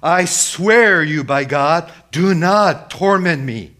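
A preacher voicing a tormented male demon that cries out loudly and pleads for mercy in drawn-out words. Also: a little high, pitched above the performer's own voice. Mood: pleading.

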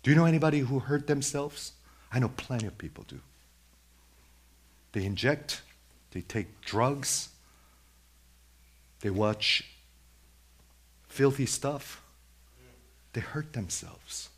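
A man's voice: medium pitch, expressive, takes it slowly, long pauses, slightly rough. A man preaching a sermon who questions his listeners directly and repeats his points for emphasis.

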